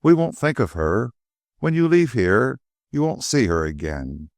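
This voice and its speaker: A man voicing an earnest, tender young gentleman speaking impetuously in an audiobook. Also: medium pitch, very animated, measured pace, no echo, studio quality, pitched above the performer's own voice.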